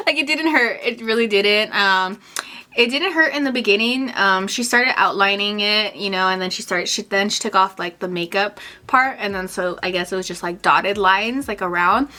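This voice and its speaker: Chatty bright young woman vlogger. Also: medium pitch, expressive, moderate pace. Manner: chatty, full of fillers, acts out quotes. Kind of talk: storytime vlog.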